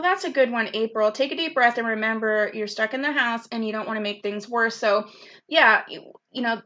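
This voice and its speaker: A woman's voice: on the high side, pushed and bright, highs cut off. A woman leading a live online youth workshop, chatty and upbeat, reading out viewers' comments by name over a video call. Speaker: program specialist leading a virtual youth workshop.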